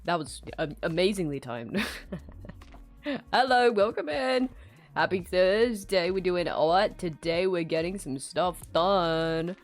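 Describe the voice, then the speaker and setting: A woman with a lowish voice chats casually on a live stream, greeting viewers one by one and laughing easily. She talks into a desk mic at home, with faint music under her voice. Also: expressive, slow pace. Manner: chatty, greets viewers by name, laughs often.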